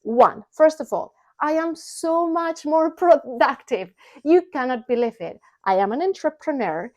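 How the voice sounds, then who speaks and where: A woman in her forties talks through a casual personal vlog with a slightly high voice. She is animated and excitable, slipping into hushed, confiding asides before bursting back into enthusiasm. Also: a little slow. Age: 40s. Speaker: vlogger and entrepreneur.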